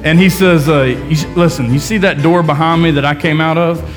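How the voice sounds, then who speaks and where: A man's voice: fairly high pitch, fairly quick, music in the background. A man co-hosting a casual chat, telling a story and acting out the people in it. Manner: animated storyteller, acts out quoted people. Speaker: podcast co-host.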